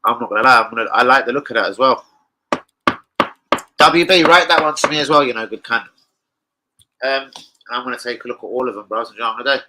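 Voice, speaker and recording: A man rambling casually to camera as a football betting vlogger, sweary and excitable. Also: mid-range voice, fast talker, pauses often, noisy background.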